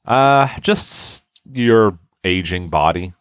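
A man's voice: sits low, expressive, takes it slowly, dry recording, clean studio sound. A young man co-hosting a casual comedy chat, rambling through a story and acting out the lines he quotes.

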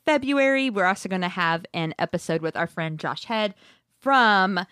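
A woman's voice: mid-range voice, expressive, moderate pace, fairly bright tone, smooth, no echo, clean studio sound. A woman co-hosting a casual podcast chat, upbeat and laughing often. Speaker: podcast co-host.

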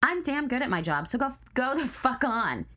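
A woman's voice: high voice, moderate pace, slight background noise. A woman co-hosting a podcast, chatting casually and reading listener stories in a blunt, profane way. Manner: blunt, profane, animated when ranting. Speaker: podcast co-host.

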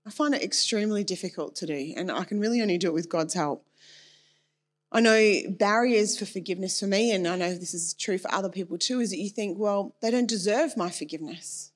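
A woman delivers a sermon in an earnest, conversational manner. Her voice sits in a mid range. She talks from her own experience, openly and warmly personal in tone. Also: mid-range voice, brisk. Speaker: preacher.

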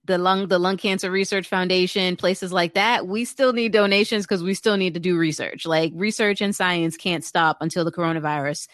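A woman's voice: on the low side, fairly even intonation, moderate pace, hardly any pauses, fairly bright tone, no room sound, clean studio sound. A young woman co-hosting a casual chat, peppy and bubbly, laughing often. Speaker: podcast co-host.

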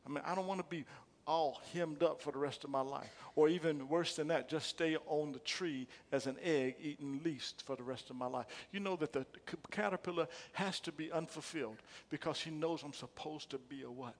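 A man's voice: a little high, fairly quick, few pauses, in a large hall. A man preaching a sermon as pastor, repeating phrases emphatically and calling the congregation to respond. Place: church sanctuary.

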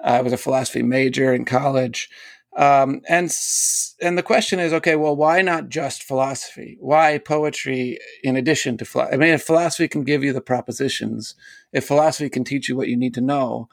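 A man's voice: medium pitch, brisk, vocal fry, no room sound. A man, a poet and teacher, talks as a guest in an interview and explains ideas eagerly, laughing often. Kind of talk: casual interview talk.

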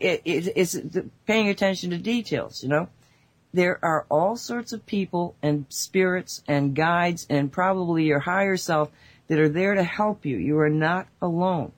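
A woman with a fairly low voice co-hosts a casual spiritual talk show on the radio. She tells stories in a rambling, animated way full of asides, speaking through an online call mic.

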